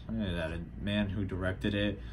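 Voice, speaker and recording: A man's voice: low voice, fairly even intonation, normal speed, background noise. A teenage boy vlogging casually about upcoming films, rambling with frequent restarts. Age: teens. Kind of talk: casual vlog commentary.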